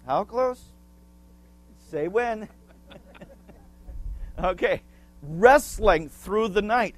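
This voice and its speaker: A male pastor delivers a sermon at an unhurried, deliberate pace. His voice sits a little high for a man. He teaches with small asides and puts questions to the congregation, waiting for answers. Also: lively intonation.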